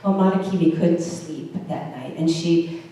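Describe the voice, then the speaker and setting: A woman's voice: lowish voice, unhurried, mellow. A woman pastor from the United States preaching a sermon in a conversational way, with questions to the congregation. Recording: echoey church heard from a distance.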